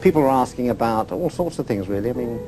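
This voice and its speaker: A man's voice: medium pitch, animated, fast talker, dark tone, soft background music. An older man from England, a guest telling travel stories in a chatty, self-mocking way. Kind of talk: casual interview chat.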